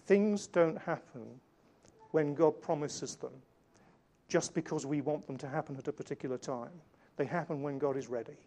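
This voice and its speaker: A man preaching a sermon in an earnest way, slowing down and changing his volume to stress key points. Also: a little high, dark tone. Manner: earnest, varies volume for emphasis, slows on key lines.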